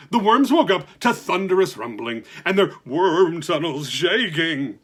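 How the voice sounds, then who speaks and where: Husky, lively male storyteller. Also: a little high, a little slow, hardly any pauses. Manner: lively, expressive narration. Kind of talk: reading a children's story aloud.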